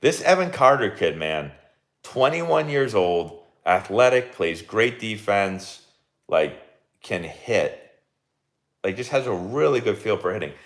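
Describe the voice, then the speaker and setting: A man's voice: on the low side, very animated, slow pace. A young man, a baseball coach hosting a casual live watch-along and chatting with lots of fillers and laughs.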